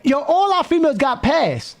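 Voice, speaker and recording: Animated high-pitched man reacting on stream. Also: normal speed. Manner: animated, repeats himself, calls out to people. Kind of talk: live-stream reaction commentary.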